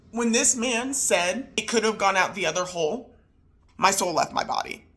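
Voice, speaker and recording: Animated woman in her thirties telling a story. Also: mid-range voice, normal speed. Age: 30s. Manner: animated, incredulous retelling with quoted voices. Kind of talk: casual storytime.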